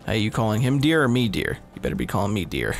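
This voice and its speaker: Quick-paced and very animated, this lowish, creaky male voice belongs to a gaming video host. He gives rambling, casual commentary as he plays, teasing himself and swearing often over game sounds and music.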